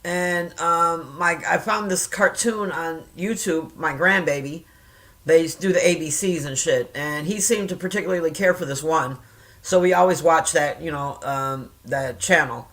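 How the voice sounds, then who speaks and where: Bright-voiced profane woman in her fifties. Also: low voice, measured pace. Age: 50s. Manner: rambling, profane, chatty; laughs often. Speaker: reaction vlogger. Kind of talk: casual chat.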